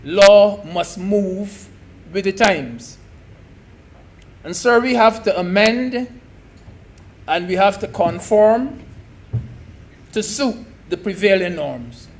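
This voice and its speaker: A man's voice: high-pitched, animated, slow, pauses often. A man giving an emphatic speech in a senate debate, repeating key phrases and addressing the chair as sir.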